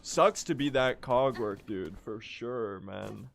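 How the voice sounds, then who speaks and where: A man's voice: medium pitch, slow, gravelly, over music. A young man doing live, joking gameplay commentary as a speedrun streamer. He chats to his viewers and swears casually.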